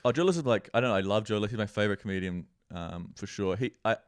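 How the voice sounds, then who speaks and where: Fast-talking New Zealand man, low voice. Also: no echo, studio quality. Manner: rambling, quick, swears casually. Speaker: guest comedian. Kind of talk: casual podcast chat.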